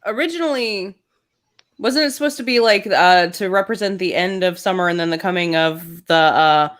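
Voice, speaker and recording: A woman's voice: lowish voice, moderate pace, fairly bright tone. A woman with a Memphis accent, co-hosting a casual chat and hesitating with many fillers. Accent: Southern US, Memphis.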